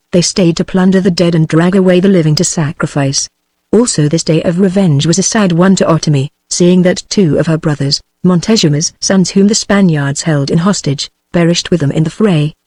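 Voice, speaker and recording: A text-to-speech woman's voice with a British English accent, reading a novel aloud at a steady, even pace. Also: fairly low pitch, dry recording. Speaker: audiobook narrator.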